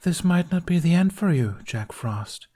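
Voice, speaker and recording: A man voicing a cold, paranoid ice queen with a soft, airy voice and a calm, quietly menacing manner, in a fan fiction audiobook reading. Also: fairly high pitch, unhurried, pitched above the performer's own voice. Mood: falsely gentle.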